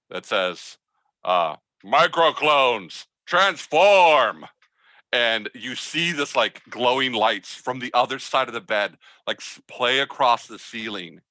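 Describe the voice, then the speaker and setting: Guy gm telling the story, lots of uhs and likes, bright tone, dry close mic. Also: low voice, no echo. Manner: hesitant, filler-heavy storytelling. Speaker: game master. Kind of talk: narrating a tabletop game.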